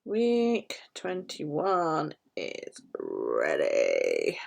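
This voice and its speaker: British woman, lowish voice, casual vlog chat, swears a lot, laughs easily. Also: huge pitch swings, drawn-out words, gravelly, darkish tone. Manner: chatty, swears freely, laughs often. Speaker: planner vlogger. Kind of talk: casual chat to live viewers.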